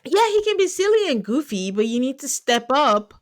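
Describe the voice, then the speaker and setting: A woman hosts a casual podcast recap, her voice sitting fairly high. She talks with animation and slips into quoted voices. The sound is dry and close. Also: moderate pace, no room sound. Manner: animated, acts out quotes from the show. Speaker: podcast host.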